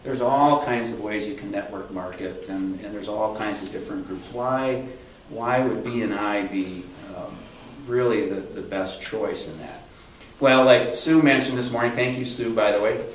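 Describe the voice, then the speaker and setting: Animated man speaking from across a roomy hall. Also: fairly low pitch, moderate pace, slight background noise. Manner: animated storyteller, acts out quotes. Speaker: business owner giving a talk. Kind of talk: speech to a networking group. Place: meeting room. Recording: echoey room from far off.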